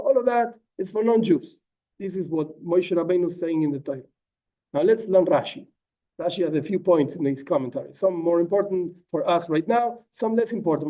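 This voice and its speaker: Rabbi teaching a text, lively asides; high, mellow voice, mic set back. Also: male voice, distant mic. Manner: animated, acts out quotes, frequent asides like "whatever". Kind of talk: informal text lesson.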